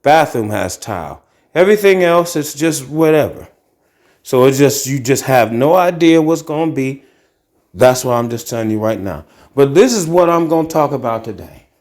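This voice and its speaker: A man's voice: medium pitch, lively intonation, normal speed, darkish tone. A middle-aged man from Ohio hosting a podcast, ranting bluntly and profanely as he walks around his apartment. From Akron, Ohio. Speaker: podcast host. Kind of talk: casual monologue vlog. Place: carpeted apartment living room, walking into tiled kitchen.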